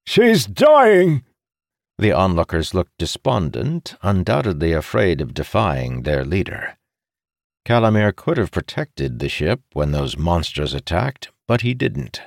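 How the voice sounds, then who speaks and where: A man narrating a fantasy story as an audiobook reader, in an expressive, dramatic way. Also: sits low, unhurried, vocal fry, no echo, clean studio sound.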